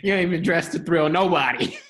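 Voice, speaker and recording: A fairly high-pitched, slightly bright male voice moves a little fast as he hosts an upbeat online church-style teaching. He keeps it casual and slangy, cracking jokes, laughing often and testing his listeners with questions.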